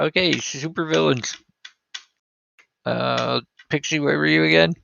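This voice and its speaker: A gravelly man with a lively, bouncing delivery hosts a casual stream and eggs his friends on. The audio is a bit dull and dry. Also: a little high, moderate pace, noisy background. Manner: upbeat, eggs others on. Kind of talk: casual chat.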